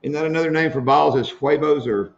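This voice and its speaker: A man hosting a relaxed live chat, spinning a joke and chuckling at his own punchlines. His voice sits a little higher than most men's. The stream audio is dull and muffled. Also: a little fast, crowd noise. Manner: joking storyteller, laughs at own jokes.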